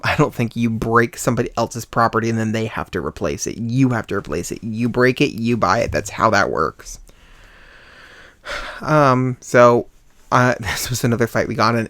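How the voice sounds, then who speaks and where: A young man hosting a podcast, telling a personal story in a casual, animated way and acting out what people said. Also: medium pitch, no room sound. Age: young adult. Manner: animated, acts out quoted voices with sighs and laughs. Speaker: podcast host.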